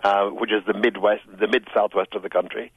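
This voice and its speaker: An older man from Ireland with a soft Irish accent, smoothed by years in London, speaking as a radio guest in a reflective, musical way. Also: fairly low pitch, little pitch movement, a little fast, no echo, narrow, tinny audio. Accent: Irish, Tipperary, smoothed by years in London. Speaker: radio show guest, writer. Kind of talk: relaxed radio conversation.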